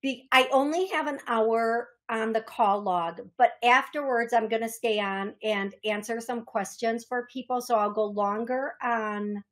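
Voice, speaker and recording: A woman's voice: on the high side, measured pace, hardly any pauses, fairly bright tone. A woman hosting a call-in radio show as a psychic medium. She rambles, laughs at herself and repeats key phrases for emphasis. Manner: chatty, rambling, self-deprecating.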